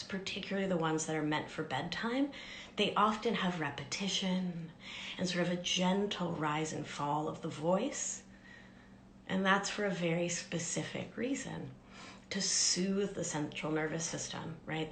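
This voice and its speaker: A woman life coach giving a gentle, soothing teaching talk on a live stream, often dropping into soft whispers. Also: on the low side, reverberant, slight background noise.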